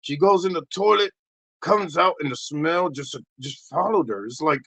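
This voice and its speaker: A man hosting a livestream, rambling through a crude comic rant, acting out little voices and bursting into shouts. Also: a little high, normal speed, slightly rough, rough recording. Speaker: livestream host.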